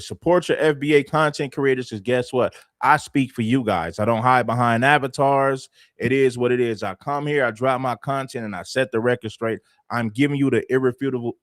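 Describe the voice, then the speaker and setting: A man's voice: mid-range voice, dry recording. Man, livestream host, from Los Angeles, assertive and emphatic, dry close sound. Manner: assertive, emphatic, repeats phrases. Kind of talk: commentary livestream.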